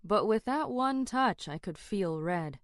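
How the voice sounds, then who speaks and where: A woman narrating a first-person fantasy audiobook in an expressive, dramatic way. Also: mid-range voice, unhurried, no echo, clean studio sound.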